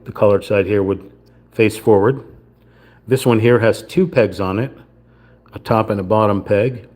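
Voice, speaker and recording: A man's voice: on the low side, unhurried, a little mellow. A man giving a casual running commentary while he builds a wooden model kit on a live stream, muttering the steps to himself as he works. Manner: mutters step by step to himself while handling small parts.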